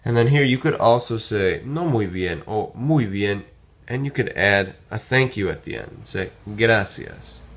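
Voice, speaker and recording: A man's voice: fairly low pitch, expressive, a little slow, fairly bright tone. A man teaching a language lesson at a whiteboard in a casual, patient way, repeating phrases and checking in with "okay?" and "right?". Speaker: Spanish teacher.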